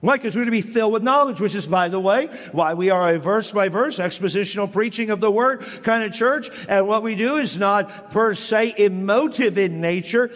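A man preaching an expository sermon as a pastor, blunt and emphatic, slowing down to stress key words. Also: sits high, a bit bright, in a large hall. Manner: blunt, plain-spoken.

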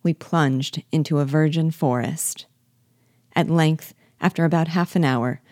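A woman giving a measured, steady narration of a classic novel as the host of a reading series. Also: low voice, dry recording, clean studio sound.

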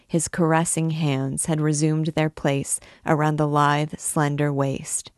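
Casting: middle-aged female reader, unhurried, low-pitched narration. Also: level tone, no echo, clean studio sound. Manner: measured, deliberate storytelling. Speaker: literature teacher reading aloud. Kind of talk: read-aloud narration of a classic novel.

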